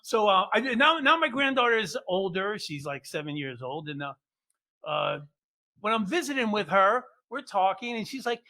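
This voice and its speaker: An older man hosting a show, telling comic family stories with deadpan punchlines and acting out what his relatives said. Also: high-pitched, moderate pace. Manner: deadpan punchlines, acts out quoted family members. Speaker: podcast host. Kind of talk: comic storytelling.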